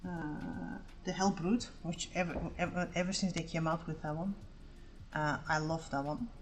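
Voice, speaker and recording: A woman's voice: deep voice, fairly even intonation, normal speed, a little hiss or hum, poor audio. Rambling, foul-mouthed woman streamer. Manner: rambling, swears freely. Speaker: art streamer. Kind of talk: casual chat while painting.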